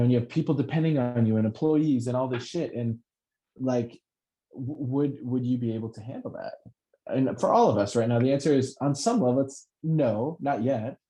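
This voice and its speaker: Brief: man, warm mellow tone, swearing, animated pep-talk chat. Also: mid-range voice, rough recording. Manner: profane, animated, self-help pep talk. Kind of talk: casual motivational chat.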